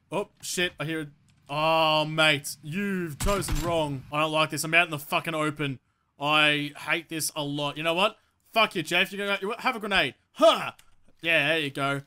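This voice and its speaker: A man giving excitable, profane commentary over his own gameplay, swinging between nervous muttering and angry shouting. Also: on the high side, moderate pace, clean tone. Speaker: gaming YouTuber.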